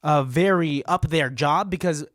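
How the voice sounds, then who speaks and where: Dude chatting on a podcast, kinda high pitched, easygoing, dry mic. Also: male voice, unhurried, fairly bright tone, no room sound. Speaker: podcast co-host. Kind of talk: casual chat.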